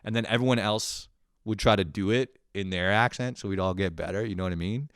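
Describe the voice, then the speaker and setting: A man's voice: fairly low pitch, fairly quick, a bit bright, clean tone, dry recording, clean studio sound. A young man doing a rambling, profane comedy monologue with self-mocking asides. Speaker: comedian, podcast host.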